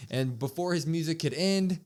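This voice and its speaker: Animated man recapping wrestling. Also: a little high, normal speed, a little hiss or hum. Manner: animated retelling, acts out quotes. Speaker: wrestling podcast co-host. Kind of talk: casual recap chat.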